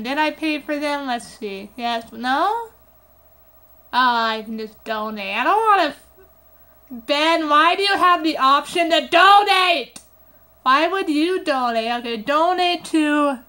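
Woman, high voice, slow unhurried delivery, casual game commentary, excitable, swears a lot, phone mic. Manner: excitable, swears often, giggly outbursts. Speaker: gameplay commentator. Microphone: phone recording app.

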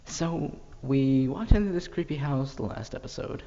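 Animated man doing game commentary. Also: on the high side, moderate pace, long reverb tail, muffled recording, slight background noise. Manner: animated, joking, drops into whispers. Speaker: gaming YouTuber. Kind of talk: let's play commentary.

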